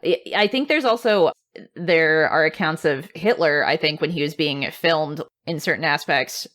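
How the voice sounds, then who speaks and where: A woman co-hosting a podcast in casual chat, animated and exclamatory, laughing often. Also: sits low, moderate pace. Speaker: podcast co-host.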